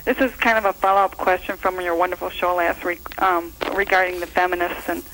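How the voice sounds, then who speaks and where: A woman's voice: fairly low pitch, level tone, fairly quick, fairly bright tone, poor audio. A woman from Minnesota calling in by phone, gushing and chatty, rambling with many fillers. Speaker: caller. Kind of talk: call-in chat. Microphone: phone call.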